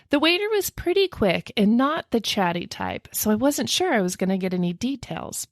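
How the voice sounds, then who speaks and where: A woman co-hosting a chatty podcast and telling a ghost story with plenty of gasps and laughs. Her voice sits at a middle pitch. The recording is close and dry, with no room sound. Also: no echo. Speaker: podcast co-host. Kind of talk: casual chat, reading a listener's email aloud.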